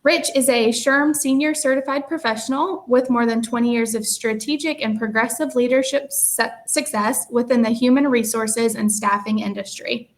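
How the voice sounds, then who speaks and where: A woman moderating a conference panel, reading out speaker introductions in a friendly, steady, scripted way. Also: on the high side, normal speed, few pauses.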